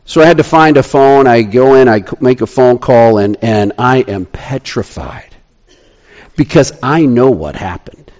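A man telling a personal story in a sermon, animated, rising to excitement and dropping to hushed tones. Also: medium pitch, a little slow.

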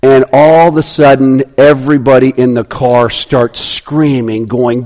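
A man telling a personal story in a sermon, animated, rising to excitement and dropping to hushed tones. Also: medium pitch, unhurried, hardly any pauses.

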